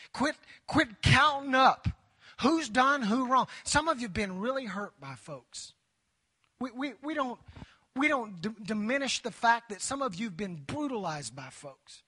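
A man's voice: very high voice, sing-song, moderate pace, pushed and bright, breathy edge. A man preaching a sermon to a large congregation, prompting the crowd to respond, his voice tiring from preaching. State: voice tiring, near hoarse. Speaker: pastor. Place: church sanctuary before a large crowd.

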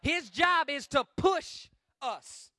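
A man preaching a guest sermon with emphasis, swinging between shouting and quiet asides. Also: very high voice, lively intonation, slow pace, no room sound.

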